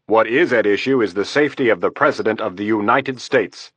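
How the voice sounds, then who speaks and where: A man's voice: lowish voice, a little fast, a bit bright, husky, no room sound, pitched above the performer's own voice. A man voicing a stern male army general who presses his case firmly and urgently.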